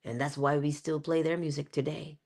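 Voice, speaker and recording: A woman's voice: deep voice, flat delivery, brisk, darkish tone. A woman hosting a live-streamed inspirational talk, speaking in a preacherly way, greeting viewers by name, her voice congested. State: congested, coughing.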